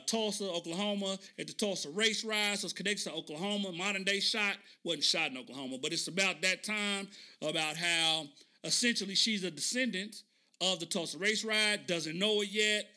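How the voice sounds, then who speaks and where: A man hosting a podcast, telling a story in a casual, animated way and often asking listeners "right?". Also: sits high, normal speed. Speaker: podcast host.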